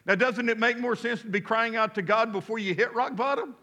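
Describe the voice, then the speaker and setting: A man's voice: extremely high pitch, a little fast, bright, forceful tone. A man preaching a sermon as pastor, emphatic, with call-and-response to his congregation and casual asides. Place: church.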